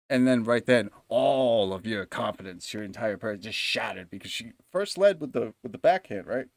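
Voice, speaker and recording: A man's voice: on the low side, lively intonation, moderate pace, hardly any pauses, dry recording. A young man livestreaming a game, telling rambling, profane stories and laughing often. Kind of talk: casual chat while gaming.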